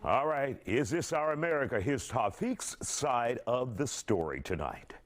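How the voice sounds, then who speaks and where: A male news anchor reading a report in a measured way, stressing his questions. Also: medium pitch, sing-song.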